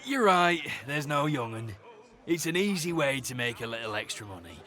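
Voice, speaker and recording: A man's voice: mid-range voice, very animated, moderate pace, pushed and bright, soft background music. An actor playing a sly male con-man who wheedles and plays for sympathy in a video game. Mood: wheedling. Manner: wheedling, theatrical.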